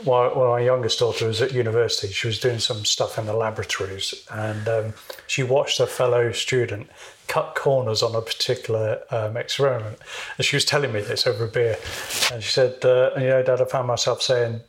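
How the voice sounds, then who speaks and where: A man in his fifties speaks at a middling pitch in a calm, reflective interview. He weighs his words and explains his views at an even pace. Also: a little fast, a little hiss or hum. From United Kingdom. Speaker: military officer guest. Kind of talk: casual interview talk.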